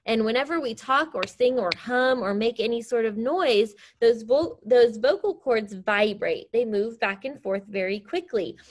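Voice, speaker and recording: A fairly high-voiced woman teaching a science lesson to young students. She explains each step clearly and sounds upbeat and encouraging. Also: measured pace, few pauses, a little hiss or hum. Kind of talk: classroom science demonstration.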